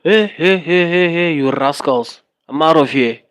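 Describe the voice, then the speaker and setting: A man with a South African accent chatting casually on a livestream, rambling and animated, often switching between languages. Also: on the high side, measured pace, clean tone.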